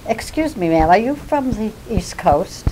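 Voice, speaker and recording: An older woman with a Massachusetts accent quoting a polite middle-aged male phone supervisor, courteous and gently instructive. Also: medium pitch, expressive, unhurried, slight background noise, pitched above the performer's own voice, lightly acted, poor audio.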